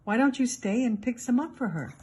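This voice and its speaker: A woman's voice: on the high side, animated, brisk, warm tone, slight background noise, close to an everyday voice. A woman doing a sly big bad wolf. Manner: smooth and coaxing, then growling.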